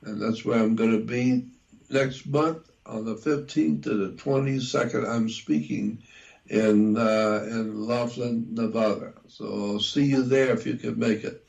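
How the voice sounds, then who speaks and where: An older man talking in an interview, slow and repetitive, lecturing as he explains. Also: mid-range voice, steady tone, creaky, a little mellow, highs cut off. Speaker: guest researcher. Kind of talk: conversational interview.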